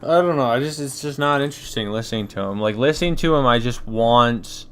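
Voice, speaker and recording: A man hosts a live stream and reacts to clips with heated, profane ranting. His voice sits in an ordinary middle pitch, and his anger builds into blunt outbursts. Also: fairly quick, a bit bright, clean tone. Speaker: live-stream commentary host.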